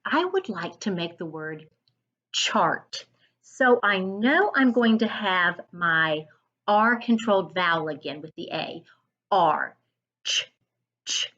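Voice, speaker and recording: Slow encouraging woman reading teacher. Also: mid-range voice, animated, fairly bright tone, muffled recording. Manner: slow, sounds out each letter, encouraging. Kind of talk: phonics lesson for children.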